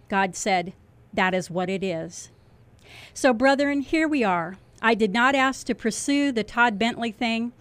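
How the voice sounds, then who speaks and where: A woman delivering a fervent religious warning as a self-styled watchman, declaiming with heavy emphasis and dropping low on key words. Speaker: self-described watchman preacher.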